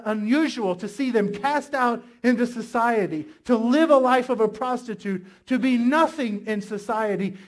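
A pastor preaching a sermon with emphatic delivery, asking the congregation rhetorical questions. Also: medium pitch.

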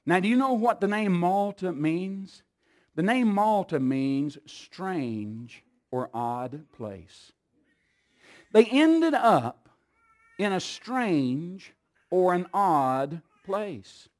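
A man preaching a sermon in a church, moving from calm storytelling to loud, fervent repeated calls to the congregation. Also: high-pitched, very slow. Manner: builds from calm storytelling to shouting fervor, repetitive calls.

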